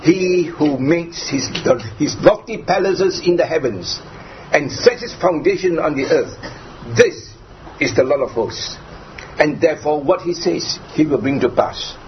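A man's voice: fairly high pitch, lively intonation, a little slow. A man preaching a sermon, driving points home through repetition and rhetorical questions. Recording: dull lo-fi recording, faint background noise.

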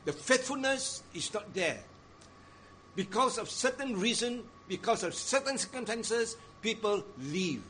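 Man, preacher, sermon, emphatic, slow delivery, faint hiss behind. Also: high voice, lively intonation, a bit bright. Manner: deliberate, emphatic, stresses repeated phrases.

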